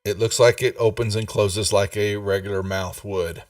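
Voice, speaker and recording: A man running a tabletop game as game master, talking slowly with many pauses and fillers over a voice call. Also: on the low side, fairly even intonation, no room sound, clean studio sound, far from the mic. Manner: slow, halting, many fillers.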